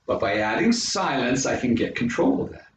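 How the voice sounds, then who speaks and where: A Canadian man coaching public speaking, talking dramatically and swooping widely in pitch. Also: big pitch swings, normal speed, a little hiss or hum. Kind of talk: presentation to an audience. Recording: very echoey room, mic far off.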